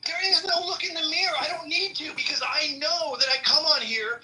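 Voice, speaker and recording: A man's voice: very high-pitched, steady tone, fairly quick, pushed and bright, low-quality recording. A middle-aged man in a heated argument on an audio chat app, furious and profane, ranting over a phone mic. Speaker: chat room participant.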